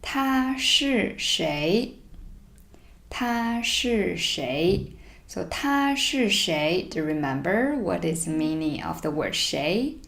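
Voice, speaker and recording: A woman teaching a beginners' Mandarin lesson, reading each sentence twice slowly and explaining it in English. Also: on the low side, sing-song, gravelly. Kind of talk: language lesson.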